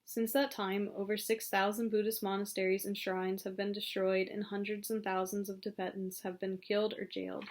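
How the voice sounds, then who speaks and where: A woman narrating an audiobook in a calm, even storytelling manner. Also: mid-range voice, normal speed, few pauses. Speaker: audiobook reader.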